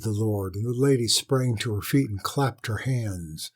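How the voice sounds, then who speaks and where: A man reading a children's storybook aloud as narrator, in a measured, steady manner. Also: on the low side.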